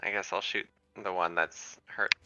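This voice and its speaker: A man's voice: sits low, little pitch movement, normal speed, sharp tone, no echo, highs cut off. A man playing a tabletop game, giving terse, matter-of-fact answers. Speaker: player. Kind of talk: casual tabletop play.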